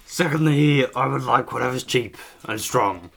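A man's voice: medium pitch, moderate pace, gravelly, fairly bright tone. A man playing a tabletop game, casual and dry with his jokes. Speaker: player.

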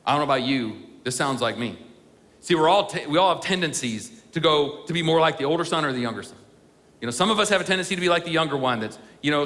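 Male pastor, high bright tone, earnest rhetorical preaching, long hall reverb. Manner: earnest, rhetorical, acts out voices of complainers. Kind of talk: sermon.

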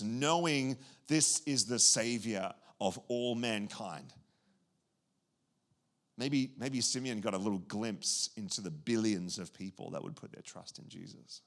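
A male pastor preaching with lively swings in pitch, excitable and chatty, tripping over his own words as he restarts phrases. He sounds casual and personal rather than formal. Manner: animated and excitable, with quick restarts and asides. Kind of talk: sermon.

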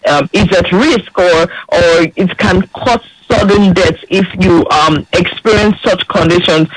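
A woman's voice: mid-range voice, no echo, low-quality recording. A woman fact-checker explaining a claim on a radio call-in, hesitant with many fillers. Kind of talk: phone-in radio interview.

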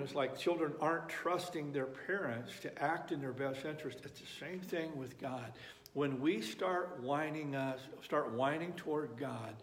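A man preaching a sermon, emphatic and repeating phrases for effect. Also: fairly high pitch. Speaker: pastor. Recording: echoey hall reverb.

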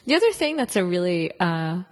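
A woman's voice: fairly low pitch, very animated, brisk. A woman hosting a podcast, chatting casually and enthusiastically, full of praise and fillers. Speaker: podcast host. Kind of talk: casual interview chat.

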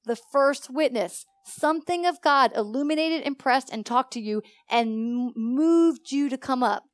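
A woman's voice: high voice, unhurried, no echo, studio quality. A woman preacher teaching a church congregation, sharing personal testimony and asking the room questions. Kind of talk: sermon.

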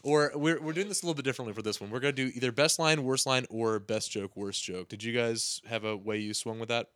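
A man's voice: mid-range voice, fairly bright tone. A man hosting a casual movie podcast, leading segments and swearing freely. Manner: leads segments, swears casually, quick laughs. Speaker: podcast host.

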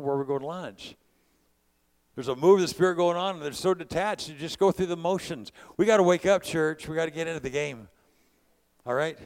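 A man's voice: mid-range voice, darkish tone. A man from California preaching a sermon, mixing conversational storytelling with impassioned calls to his congregation. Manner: preaching with rising bursts of volume.

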